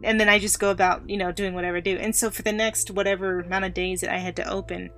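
Woman, podcast host, casual storytelling, chatty, middle pitch, faint background music. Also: fast talker. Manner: chatty, animated when quoting others.

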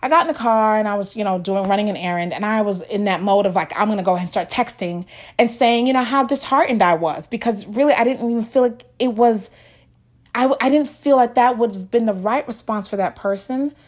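A woman's voice: medium pitch, fairly quick. A woman telling a personal faith testimony in a casual, earnest way, full of restarts and close to tears. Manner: emotional, earnest, with many restarts.

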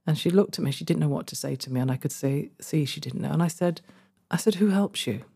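A middle-aged woman telling a personal story in an interview, earnest and warm, laughing often and growing emotional. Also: low voice, fast, vocal fry, husky. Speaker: guest, former social care worker. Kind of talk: conversational storytelling.

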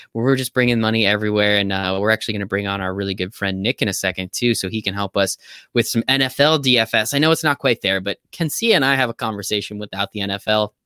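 Fast-talking upbeat male podcast host. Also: fairly low pitch, sharp tone, smooth, dry recording, clean studio sound. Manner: upbeat, hypes guests and recaps picks. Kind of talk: casual podcast chat.

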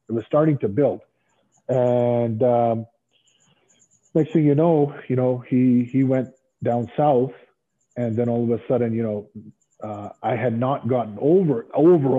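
A middle-aged man telling stories as an interview guest, animated and acting out other people's lines. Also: medium pitch, slightly rough. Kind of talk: casual storytelling interview. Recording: tinny phone-like line.

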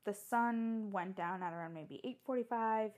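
A young woman telling a story in casual, chatty fashion, animated and full of fillers and restarts. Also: medium pitch, moderate pace.

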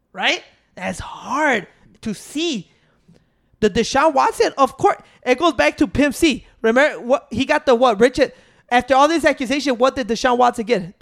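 A man's voice: very high voice, gravelly, a bit bright. A man, co-hosting a casual, profane debate and insisting on finishing his point through interruptions. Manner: insistent, keeps restarting to hold the floor. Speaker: podcast co-host.

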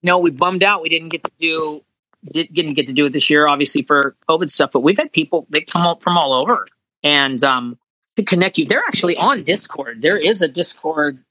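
A man's voice: on the high side, brisk, bright, forceful tone, dry recording, rough recording. A man, a voice actor, chatting in an interview, rambling and earnest with many restarts. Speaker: voice actor guest. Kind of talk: casual interview chat.

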